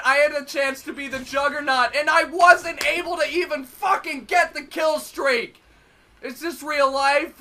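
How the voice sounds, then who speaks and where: Excitable, high-voiced young man commentating gameplay. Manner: excitable, melodramatic, self-mocking. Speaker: gaming commentator.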